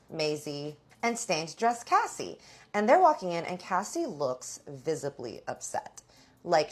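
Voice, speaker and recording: A woman telling a story in a casual, animated way, acting out what other people said. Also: fairly low pitch. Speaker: storyteller host.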